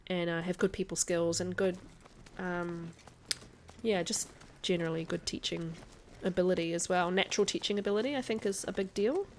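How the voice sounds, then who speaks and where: At a moderate pace and in a lowish voice, a woman streams a video game, casually answering viewers' comments and laughing often. A little hiss or hum can be heard.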